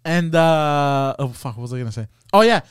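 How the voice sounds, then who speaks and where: Male podcast co-host: slightly high, halting chat voice, dry close mic. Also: lively intonation, clear, resonant tone, dry recording. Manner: hesitant, many fillers, loses his train of thought. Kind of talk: casual chat.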